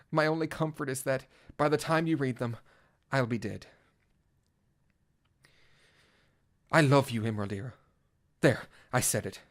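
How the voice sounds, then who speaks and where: A man with a voice on the high side narrates a fan audio drama in first person, playing a vain, gallant male cat-knight bard. The mood is dramatic, his language flowery and old-fashioned, and his theatrical delivery swings from pompous to flustered.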